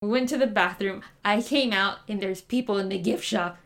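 A woman's voice: mid-range voice, moderate pace, fairly bright tone. A woman co-hosting a podcast, animatedly telling a dream in casual chat, swearing and laughing often. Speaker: podcast co-host.

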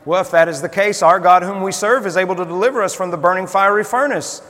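A man's voice: sits high, fast talker, fairly bright tone, in a large hall. A man preaching a sermon in a conversational way, asking his listeners questions.

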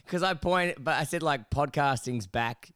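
A fairly high-voiced Australian man tells a story in a casual podcast chat and keeps swearing. He acts out both sides of every exchange. His voice is smooth and clear, and it is recorded dry and close. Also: slow, pushed and bright, no room sound. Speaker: podcast co-host.

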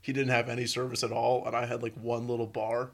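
A man with a gravelly, creaky voice at a middle pitch, chatting with a friend. He tells stories in a relaxed way, full of fillers and casual swearing. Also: fast talker. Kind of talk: casual chat.

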